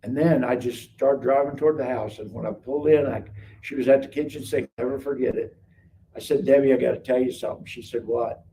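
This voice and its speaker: A middle-aged man on a live stream, telling his life story in casual, animated speech and acting out the people in it. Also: medium pitch, fairly quick. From Kansas City area. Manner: animated, acts out quoted dialogue. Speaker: guest telling his testimony. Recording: distant mic with faint background noise.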